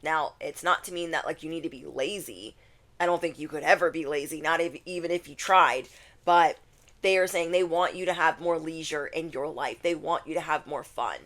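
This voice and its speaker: A woman's voice: deep voice, normal speed, fairly bright tone. A woman giving a casual spiritual tarot reading to camera, chatty and repeating her key phrases. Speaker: tarot reader.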